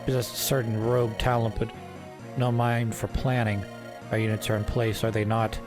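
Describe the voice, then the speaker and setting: A man's voice: fairly low pitch, little pitch movement, moderate pace, music in the background, close to an everyday voice. A man reading the lines of an arrogant male sorcerer commander in a game, sneering and self-satisfied. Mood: smug.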